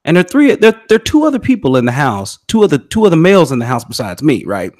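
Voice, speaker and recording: A man in casual podcast chat, telling animated anecdotes and laughing along. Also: on the high side, fast. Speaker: podcast co-host. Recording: dry close sound.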